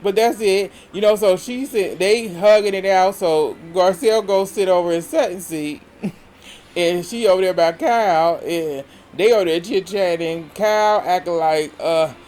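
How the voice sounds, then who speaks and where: A man's voice: sits high, moderate pace, darkish tone. A man giving a casual episode recap as a reality TV reviewer, rambling along with many hesitations and restarts.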